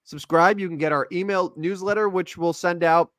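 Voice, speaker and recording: A man's voice: sits high, normal speed, dry recording. A man co-hosting a casual sports podcast, rambling and joking as he talks baseball and reads the show plugs. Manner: rambling, jokey, animated sign-off. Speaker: podcast co-host.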